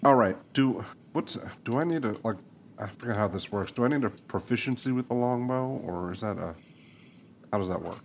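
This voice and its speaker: A man's voice: medium pitch, fairly quick, a little hiss or hum. A man playing a tabletop game, hesitant and full of questions about the rules. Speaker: player. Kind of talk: casual tabletop chat.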